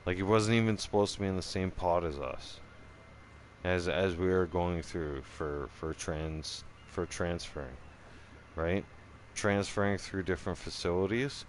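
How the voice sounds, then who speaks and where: Low, slow-talking man telling a rough story. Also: slight background noise. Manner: profane and rambling, restarts a lot, keeps asking "right?". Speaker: channel host telling a story. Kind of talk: casual storytelling.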